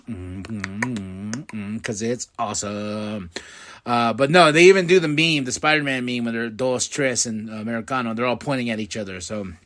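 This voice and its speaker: A man hosting a podcast, giving a casual, excitable recap and acting out quotes in quick voices. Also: medium pitch. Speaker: podcast host.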